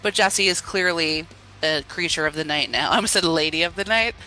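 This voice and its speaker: A woman co-hosting a horror movie podcast chats casually, laughing often and retelling scenes with giggly, animated storytelling and acted-out quotes. Her voice is deep and fairly quick. The recording is rough, with a little hiss or hum.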